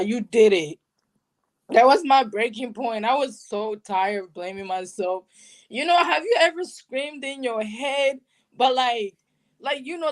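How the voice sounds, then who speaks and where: A woman from Burundi telling her personal story in an interview, emotional and animated, with casual slang. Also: sits high. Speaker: guest sharing personal story.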